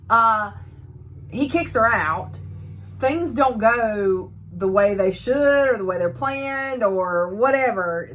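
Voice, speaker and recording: A young adult woman reviewing a book in a casual chat to camera, talking freely with fillers and frequent laughs. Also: medium pitch. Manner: chatty, laughs often, lively fillers.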